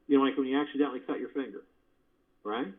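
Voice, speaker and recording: A man's voice: medium pitch, fast talker. A man hosting a meditation call, giving spiritual teaching in a folksy, conversational way full of rhetorical questions. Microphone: phone. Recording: dull lo-fi conference call line.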